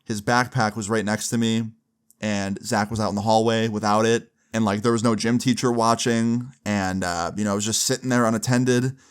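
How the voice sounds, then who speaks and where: A man's voice: on the low side, fairly even intonation, normal speed, smooth. Young man telling a crude casual story. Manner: crude, casual, many "like" fillers.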